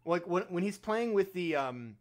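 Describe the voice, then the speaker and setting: A man's voice: high voice, lively intonation, normal speed. A young man co-hosting a podcast, chatting casually about a movie, laughing often and acting out lines in silly voices. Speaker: podcast co-host. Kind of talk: casual movie review chat.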